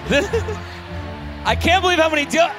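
A man's voice: very high-pitched, animated, moderate pace, music in the background. A man hosting a live comedy show, joking and swearing as he banters with the crowd. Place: live venue with audience.

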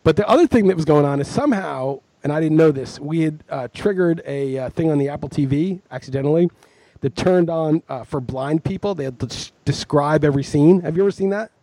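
Husky, mellow-voiced man telling rambling stories. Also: on the high side, brisk, dry recording. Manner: rambling, self-mocking storyteller. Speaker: podcast co-host. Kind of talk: casual chat.

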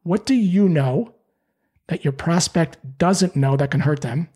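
Higher husky guy, sales coach on a podcast, acts out cold calls. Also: measured pace. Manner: animated, acts out sales calls in quoted voices. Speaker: sales trainer. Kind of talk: podcast interview answers.

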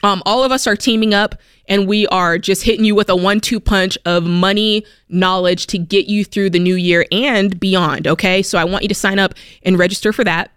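An upbeat woman hosts a money advice radio show, pushing listeners with lively encouragement. Her voice is smooth and clear, and the studio sound is dry and close. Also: normal speed, few pauses, no room sound. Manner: energetic, animated, acts out quotes in a higher voice. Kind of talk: upbeat motivational radio talk.

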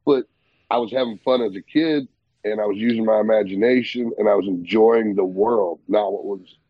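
A man's voice: lowish voice, moderate pace, breathy edge, dry recording, highs cut off. A man in casual podcast chat, reminiscing agreeably about childhood. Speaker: podcast co-host.

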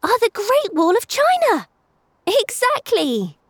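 A woman voicing a curious, excitable young boy in a kids' storybook podcast, with high, wide-eyed exclamations. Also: slow pace, dry recording, clean studio sound, heavily acted. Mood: excited.

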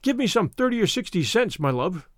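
A pompous, henpecked old major blusters his way through his lines in a storybook reading, as a male narrator voices him. The delivery is animated and dry, with no room sound. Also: sits high, fairly quick, no room sound. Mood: blustering.

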